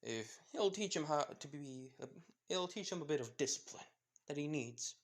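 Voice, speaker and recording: A man's voice: a little high, animated, normal speed. A man voicing a strict mother who scolds her teenage son in a fan story. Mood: polite. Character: stern scolding mother of a teen boy.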